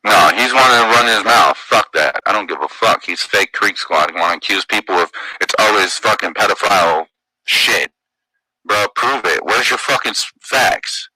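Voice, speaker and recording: A man hosts a livestream, ranting in a tense, sharp-edged voice that sits slightly low. He argues defensively and swears constantly. The sound is dry and close. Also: moderate pace, no echo, low-quality recording. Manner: angry, profane, defensive ranting. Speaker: livestream host. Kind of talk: heated livestream argument.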